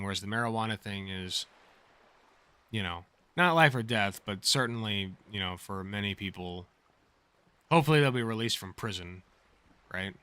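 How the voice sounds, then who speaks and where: A man's voice: fairly low pitch, smooth, no echo. A man streaming, chatting casually and jokingly as he plays and reacts. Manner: casual, jokey, animated.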